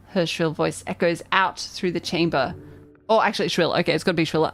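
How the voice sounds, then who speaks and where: A woman streaming a game live, chatting excitably and reading the game's narration aloud. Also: on the low side, fairly quick. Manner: excitable, chatty, self-deprecating. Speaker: vtuber streamer.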